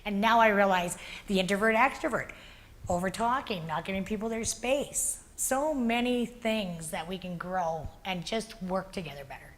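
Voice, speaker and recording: A woman leading a workplace workshop, explaining ideas and telling animated stories to a group in a meeting room. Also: medium pitch, normal speed. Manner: animated storytelling with acted-out quotes. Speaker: workshop facilitator. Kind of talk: workshop teaching.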